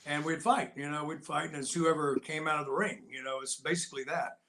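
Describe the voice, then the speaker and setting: An older man, a guest, telling lively personal stories in casual talk and acting out the voices of people in them. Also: on the high side, fairly quick. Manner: lively anecdotal, acts out quotes. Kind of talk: casual storytelling.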